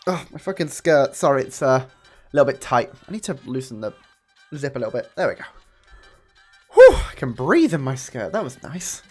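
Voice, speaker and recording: Lively young man streaming. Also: normal speed. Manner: chatty and profane, with sudden high excited jumps. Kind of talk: casual live-stream chat with viewers. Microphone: desk microphone. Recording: faint music under the voice. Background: faint music.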